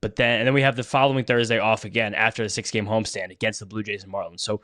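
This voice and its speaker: A man co-hosting a podcast in casual chat, rattling along at a quick clip. He rambles through long thoughts and swears casually. The sound is close and dry, with no room behind it. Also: fairly low pitch, flat delivery, a bit bright, dry recording. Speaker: podcast co-host.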